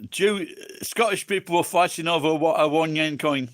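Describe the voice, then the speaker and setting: A man's voice: fairly high pitch, normal speed, a bit bright. An English man with an English accent, tipsy and rambling, swearing constantly as he chats with viewers on a livestream. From England. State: tipsy from drinking. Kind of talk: rambling casual chat.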